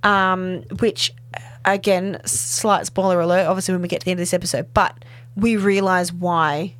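A woman, recapping a TV episode in casual chat, full of "like" and "um" and quick laughs. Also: lowish voice, fairly even intonation, fairly bright tone. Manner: chatty, filler-heavy with frequent "like" and "um", laughs often. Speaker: podcast co-host.

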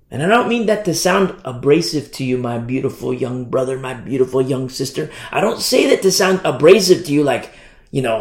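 A man's voice: lively intonation, normal speed, roomy sound. A man preaching a sermon to young listeners, impassioned and repetitive. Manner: repetitive, impassioned, sweeping pitch swings.

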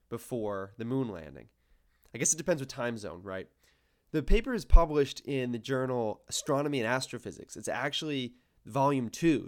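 A man in his twenties, a podcast co-host, explaining his research in a casual, wry, self-deprecating way. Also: medium pitch. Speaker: podcast co-host, planetary science grad student.

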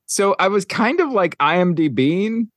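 A man hosting a podcast in a casual chat, his pitch swinging widely as he rambles through a countdown. He leans on fillers and eager asides. The sound is close and dry, with no room around it. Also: big pitch swings, normal speed, no room sound. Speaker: podcast host.

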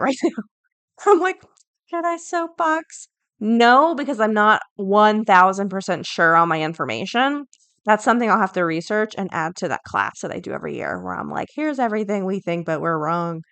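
A woman's voice: mid-range voice, a bit bright, dry recording. Chatty woman podcast host, dry close sound. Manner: chatty, thinks aloud with many fillers and restarts. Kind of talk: casual podcast commentary.

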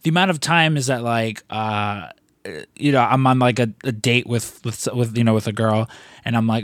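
A male podcast host at mid pitch keeps stumbling and restarting his sentences, padding them with "you know." His voice sits close and dry, with no room around it. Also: brisk, a bit bright, no echo. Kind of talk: casual podcast interview.

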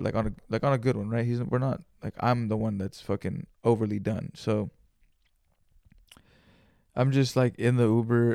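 A man's voice: medium pitch, gravelly, darkish tone, no echo, studio quality. A young man hosting a solo podcast, telling a story in loose, profane slang. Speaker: podcast host.

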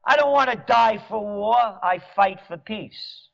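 A man's voice: high-pitched, a little slow, creaky, fairly bright tone. A man delivering a fiery, sarcastic political rant, mocking officials. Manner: fiery, sarcastic, mocks officials in mimicking voices. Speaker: commentator. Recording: dull lo-fi recording.

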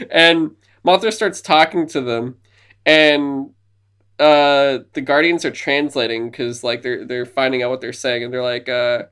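Excited man retelling a movie. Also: mid-range voice, measured pace, clean tone. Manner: enthusiastic retelling of movie scenes, slipping into silly voices. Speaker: podcast co-host. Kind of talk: casual podcast chat.

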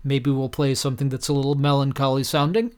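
A man's voice: medium pitch, level tone, fast talker, a little mellow, clean tone. A man hosting a solo podcast in a casual, rambling way with plenty of fillers, tired and a little tipsy. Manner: rambling and self-deprecating, many fillers. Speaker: podcast host.

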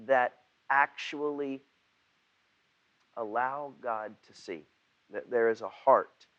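Slow-talking pastor preaching over lo-fi video. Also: male voice, mid-range voice, a bit bright. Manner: halting, with repeated restarts; rises to emphatic outbursts when voicing Jonah. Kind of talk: sermon.

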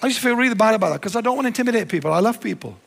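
A pastor preaching a sermon, animated, dropping to quiet low asides and then rising to emphatic lines. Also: male voice, racing, gravelly. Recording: long hall reverb.

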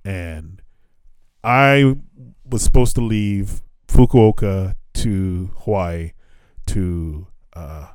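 In his thirties and American, this podcast host tells a long travel story in casual conversation, cursing often, laughing, and voicing both sides of each exchange. His voice is low, slightly mellow and smooth, and he speaks extremely slowly. The recording is dry.

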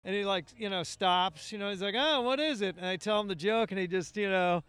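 High-voiced man telling comedy stories. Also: fairly even intonation, a little fast, a bit bright, smooth, dry recording. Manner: storytelling with self-deprecating laughs. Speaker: comedian guest. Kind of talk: casual podcast chat.

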